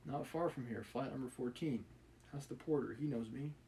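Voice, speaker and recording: A man's voice: mid-range voice, moderate pace, warm tone, slight background noise, natural voice, rough recording. A man voicing a detached young former student who talks in a lazy, dreamy way.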